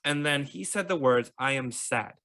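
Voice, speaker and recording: A man's voice: medium pitch, lively intonation, normal speed, bright, forceful tone. A Canadian man in his thirties talking casually as a podcast host, with lots of fillers and repeated words. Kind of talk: casual conversational chat.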